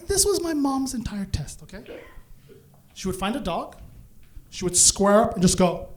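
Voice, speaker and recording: A Canadian man doing stand-up storytelling with an animated, punchy delivery and occasional shouted punchlines. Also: high-pitched, normal speed, long pauses. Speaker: stand-up comedian.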